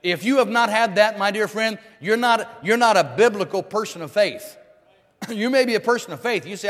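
A man's voice: sits high, normal speed, a bit bright. Man, pastor, sermon, emphatic, repetitive, long hall echo. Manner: emphatic preaching with repetitions and restarts.

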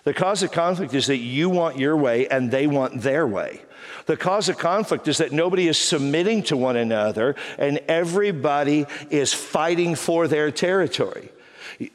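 A middle-aged man preaching a sermon as a pastor, joking and self-deprecating, telling stories with quick asides. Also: a little high, lively intonation. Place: church auditorium. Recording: hall reverb.

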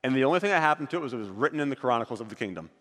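A man's voice: mid-range voice, expressive, very fast, a bit bright, long reverb tail. A man leading a group through an acted-out Bible story, directing volunteers on stage as he narrates.

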